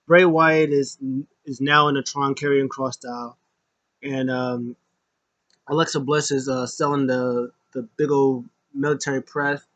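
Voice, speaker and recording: A man's voice: medium pitch, unhurried, dry recording. A man recapping a wrestling show in a casual, rambling way, full of ums and uhs. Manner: rambling, filler-heavy, animated.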